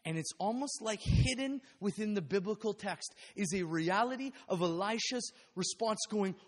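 A man preaching a sermon, animated and acting out the voices of the people in the story. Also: sits high, moderate pace, few pauses. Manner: animated, acts out biblical voices. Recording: long hall reverb.

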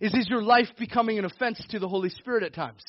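Male pastor, conversational sermon, breaks into shouts; very high voice, close and dry. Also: fast talker, no echo, highs cut off. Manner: energetic preaching with bursts of shouting; conversational, with laughs and self-corrections.

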